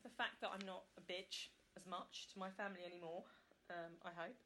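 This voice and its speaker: A woman giving a candid, halting, heartfelt personal testimony as a member sharing at a support meeting. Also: lowish voice, steady tone, a bit bright, a little hiss or hum.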